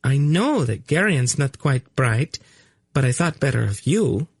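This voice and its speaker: A man's voice: mid-range voice, very animated, measured pace, breathy edge, no echo, clean studio sound, voice pushed up, exaggerated voice. A man reading an audiobook voices a prim, teasing young noblewoman in a raised, arch voice. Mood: coy arch.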